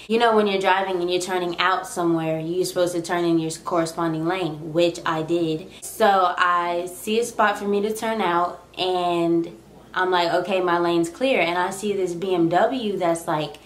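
A woman's voice: lowish voice, normal speed. Chatty young woman in an echoey room. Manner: chatty, rambling, animated retelling. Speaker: vlogger. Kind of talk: casual storytime.

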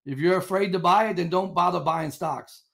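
A middle-aged man telling coaching stories as a podcast guest, animated and rambling with lots of restarts. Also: high voice, normal speed, gravelly. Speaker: guest, inventor and former coach. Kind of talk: casual storytelling interview.

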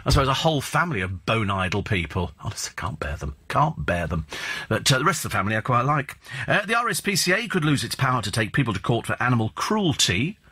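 Husky, lively-voiced radio host. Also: male voice, mid-range voice, fast talker. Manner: opinionated, rambling, sardonic. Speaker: radio talk show host. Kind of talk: casual chat and celebrity gossip commentary. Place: radio studio. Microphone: studio microphone.

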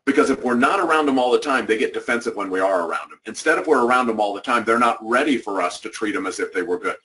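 A man's voice: lowish voice, expressive, fast talker, a bit bright. A man giving a motivational training talk to educators, emphatic and conversational, repeating his key points. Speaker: workshop presenter. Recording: distant microphone.

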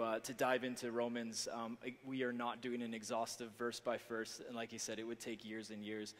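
A man delivers a sermon at an ordinary middle pitch, often stopping and restarting his sentences. His voice rings out with a long reverb from a church hall. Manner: halting, many restarts and fillers. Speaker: preacher.

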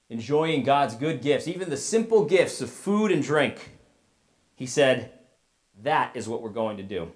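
Casual, animated man preaching a sermon. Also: on the high side. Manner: conversational, animated storytelling with restarts and asides. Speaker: pastor.

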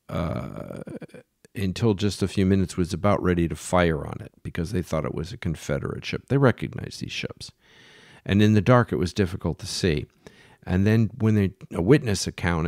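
A middle-aged man hosting a podcast, telling a history story in an unhurried, halting way with many fillers and restarts, sometimes dropping to a whisper. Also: low voice, a little mellow, no room sound, clean studio sound. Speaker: podcast host.

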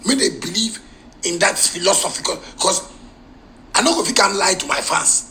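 A man with a Ghanaian Pidgin English accent rants on a live stream, heated and full of insults and mockery. His voice sits a little high for a man. It has a bright, forceful edge. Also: normal speed, a little hiss or hum, low-quality recording. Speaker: musician.

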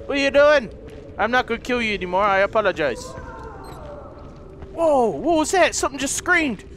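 A man doing let's play commentary, excitable and swearing, talking to his viewers and shouting at the game. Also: very high voice, normal speed, a little hiss or hum. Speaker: gaming video host. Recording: game sounds loud behind the voice.

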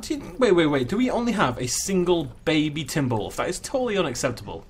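A man's voice: a little high, sing-song, fast, few pauses, slightly rough. A young man giving casual commentary as he plays a zoo game, chatting and cooing at the animals. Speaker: gaming channel host.

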